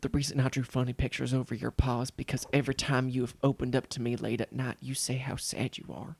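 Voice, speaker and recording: A man voicing an earnest, gentle small-town tire shop man in an improvised comedy. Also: medium pitch, level tone, fast, vocal fry, dry recording.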